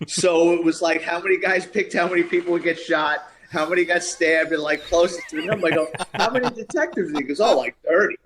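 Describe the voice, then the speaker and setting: A man's voice: on the high side, brisk. A man in his fifties, a retired police officer, telling stories as a podcast guest and acting out the voices of the people in them. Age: 50s. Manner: lively storyteller acting out quoted voices, chuckling as he talks. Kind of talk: anecdotal storytelling.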